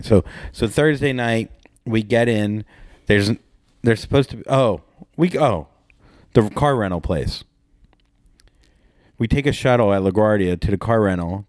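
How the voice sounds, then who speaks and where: A man's voice: fairly low pitch, normal speed, darkish tone, no echo, clean studio sound. A man co-hosting a podcast, telling crude, joking stories in casual chat. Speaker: podcast co-host.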